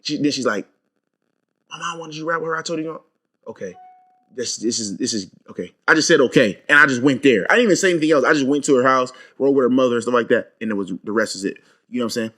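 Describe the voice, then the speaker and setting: A young man talks quickly and emphatically, swearing as he vents through a personal story. His voice sits at a middle pitch and rattles along at a brisk clip in relaxed podcast chat. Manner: emphatic, profane, venting storyteller. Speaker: podcast co-host. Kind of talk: casual chat.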